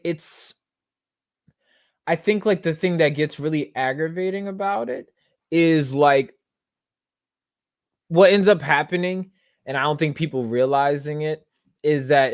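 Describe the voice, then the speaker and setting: A man hosting a solo podcast, talking earnestly and casually, often filling pauses with "you know what I'm saying.". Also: fairly high pitch, dry recording, clean studio sound. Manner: earnest, conversational, full of fillers. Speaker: podcast host.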